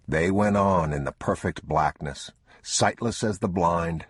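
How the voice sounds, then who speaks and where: A man narrating an audiobook in a measured, unhurried way. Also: sits low, breathy edge, no room sound, studio quality. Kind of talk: scripted narration.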